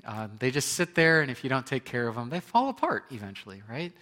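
A man's voice: mid-range voice, big pitch swings, quick pace, pushed and bright, in a large hall. A man preaching a sermon as pastor, conversational, asking the congregation questions and acting out quoted people.

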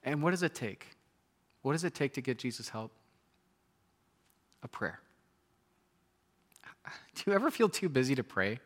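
A man in his thirties preaching a sermon in a conversational, animated storytelling way, often repeating his words. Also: medium pitch, normal speed, pauses often.

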